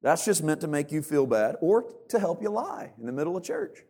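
A man's voice: a little high, sing-song, fairly quick, a little mellow. A man preaching a sermon as pastor in a church, joking and mocking himself while acting out churchgoers. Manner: humorous, self-mocking, acts out church members in put-on voices.

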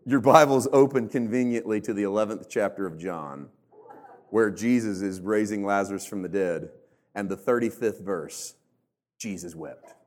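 A man's voice: lowish voice, normal speed. A man preaching a sermon as pastor in a church, joking and mocking himself while acting out churchgoers. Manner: humorous, self-mocking, acts out church members in put-on voices.

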